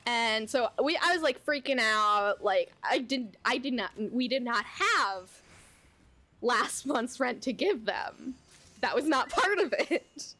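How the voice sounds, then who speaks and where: A young adult woman streamer telling a casual story at home while she plays, animated and chatty, full of "like" and the odd swear word. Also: on the high side, slow. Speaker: VTuber streamer. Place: home, at her computer.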